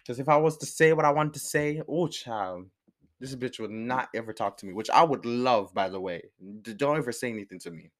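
Animated, foul-mouthed man telling a story. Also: medium pitch. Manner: animated, profane, laughs often. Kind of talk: casual storytime chat.

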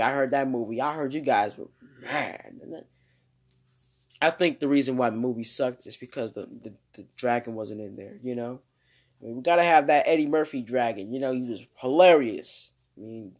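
A man chatting through movie news with a bouncy, animated voice that swings up and down. He rambles casually and keeps cutting in with jokey asides to himself. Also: mid-range voice, moderate pace, husky.

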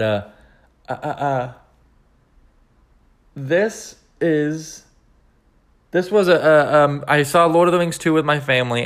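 A young man from Kansas hosting a solo podcast, rambling and sarcastic in an animated way. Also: medium pitch. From Kansas, United States. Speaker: podcast host.

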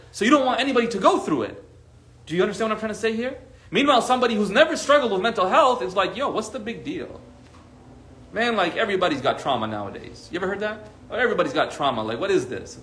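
This man's voice is high and a bit bright, and the room around him echoes. Teaching a relaxed group lesson, he keeps things conversational, poses rhetorical questions to his listeners, and drops in Arabic religious phrases.

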